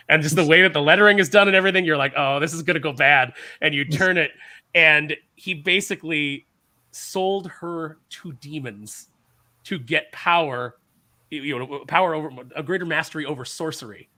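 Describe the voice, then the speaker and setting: A man talking comics on a casual panel show, eager and rambling, full of "um" and "you know". His voice is bright and forward. The sound is dry and close. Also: medium pitch, fairly quick, no room sound. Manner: enthusiastic, rambling with many fillers. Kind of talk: casual chat.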